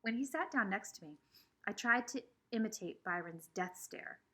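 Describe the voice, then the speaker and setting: Husky woman reading a children's novel. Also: medium pitch, normal speed. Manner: expressive, shifting between voices. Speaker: reader.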